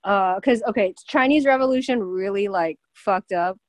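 A woman's voice: mid-range voice, moderate pace, no room sound. Blunt, chatty woman host. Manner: blunt, swears freely, lots of "like". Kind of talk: casual chat.

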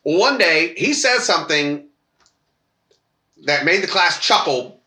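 A bright, sharp-toned man telling a story on a casual podcast, his pitch swinging widely as he acts out quoted voices. He swears freely, and the recording has a noticeable room echo. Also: animated, takes it slowly. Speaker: podcast co-host.

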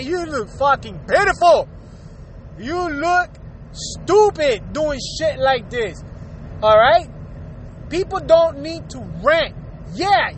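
Very high-voiced man ranting bluntly. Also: fairly bright tone, slight background noise. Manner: blunt, profane and preachy, with frequent "all right?" asides. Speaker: vlogger. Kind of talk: ranting advice monologue.

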